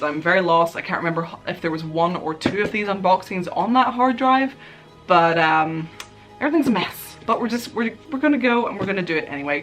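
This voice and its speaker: A young woman talks through an unboxing in a casual, chatty way, full of fillers and little restarts. She keeps gushing over each item she finds. Faint music plays softly behind her voice. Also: on the low side. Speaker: vlogger.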